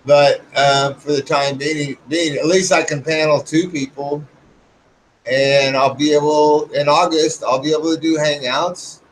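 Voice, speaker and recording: Brief: high-pitched guy ranting to his channel, swears freely, rambles. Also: fairly even intonation, unhurried, slight background noise, low-quality recording. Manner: rambling, profane, restarts sentences. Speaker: YouTuber. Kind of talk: casual rant to viewers.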